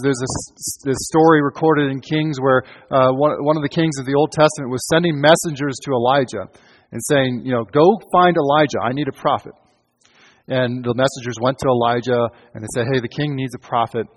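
A man's voice: medium pitch, steady tone, a little fast. A man preaching a sermon in an earnest way, restarting phrases often as he retells scripture. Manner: earnest, with frequent restarts and quoted lines. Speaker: pastor. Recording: long hall reverb.

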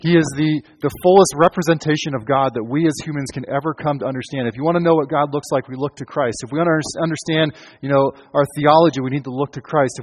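Man, pastor, earnest sermon, restarts phrases, reverberant hall. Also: fairly high pitch. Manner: earnest, with frequent restarts and quoted lines.

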